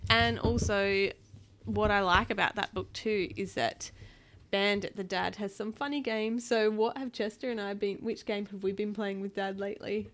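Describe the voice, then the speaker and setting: Woman, reading picture book aloud, chatty asides, middle pitch. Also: steady tone, normal speed. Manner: warm, chatty asides to a child. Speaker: parent reading to child.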